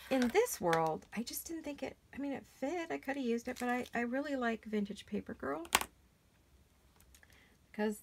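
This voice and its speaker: Hoarse middle-aged lady rambling thru her craft project, gravelly raspy voice, bit of hiss in the back. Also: high voice, animated, moderate pace. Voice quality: gravelly, froggy voice today. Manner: chatty, rambling, talks while working with hands. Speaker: crafting channel host. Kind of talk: casual craft chat. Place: home craft studio. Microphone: camera mic while sitting back from a craft table.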